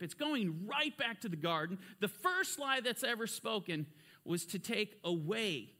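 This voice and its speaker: A man preaching through a Bible lesson in a high, bright voice. He speaks with emphatic fervor and keeps pressing his listeners with rhetorical questions. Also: big pitch swings, moderate pace. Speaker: Bible teacher. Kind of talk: sermon-style Bible teaching.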